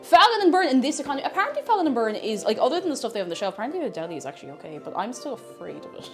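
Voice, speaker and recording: A woman's voice: high voice, sing-song, rapid-fire, music in the background. A woman with an Irish accent, chatty and self-mocking, thinking aloud as she cooks on a stream in her home kitchen. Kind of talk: casual cooking stream chat.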